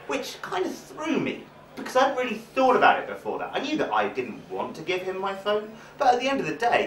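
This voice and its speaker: A man's voice: mid-range voice, slight background noise. Young man doing stand-up, heard from a distant mic with roomy sound. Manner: animated, self-mocking storytelling that jumps between voices. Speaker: stand-up comedian. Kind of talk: stand-up comedy storytelling. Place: comedy stage.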